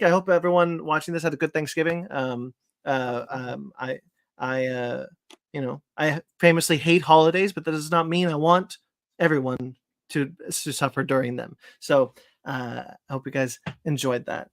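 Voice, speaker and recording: A man's voice: a little high, normal speed, no echo, clean studio sound. A man hosting a podcast, casually wrapping up the show with plugs and thanks, full of ums and uhs. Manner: rambling, lots of fillers while reading out plugs. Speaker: podcast host. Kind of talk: casual podcast chat and sign-off.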